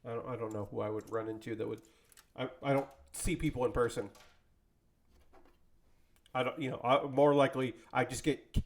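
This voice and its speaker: A man's voice: medium pitch, normal speed, pauses often. A man chatting casually with his live-stream audience while building a model kit, rambling and joking as he goes. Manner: rambling, animated, jokey, talks to chat.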